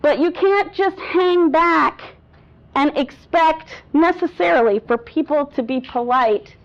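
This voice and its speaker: A woman speaking coach giving a lively workshop talk to a live audience, acting out voice examples and laughing often. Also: high-pitched, takes it slowly. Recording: dull lo-fi sound.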